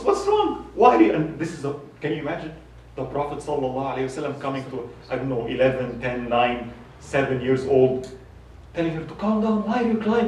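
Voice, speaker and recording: A man giving a sermon, telling a story with lively acted quotes. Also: on the high side, a little hiss or hum. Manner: animated storyteller, voices quoted speech, laughs. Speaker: khutbah speaker. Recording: echoey hall from far off.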